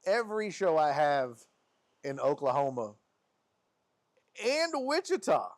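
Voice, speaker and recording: A man hosting a sports live stream, reading viewer messages aloud in an animated, affectionate way. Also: slow. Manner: animated and affectionate, with frequent laughs and pitch jumps.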